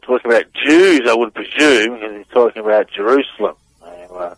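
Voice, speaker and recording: A man's voice: mid-range voice, brisk, noisy background. A man appearing as a radio guest, explaining audio clips in a hesitant, amused way with many fillers. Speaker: guest analyst.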